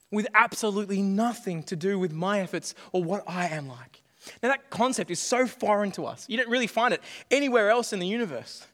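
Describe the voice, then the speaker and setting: A man in middle age delivers a sermon in a fairly high voice, lively and playful, doubling back on his words as he goes. His voice rings out with a long reverb, as if he is in a large church hall. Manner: animated, jokey, repeats phrases. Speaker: pastor.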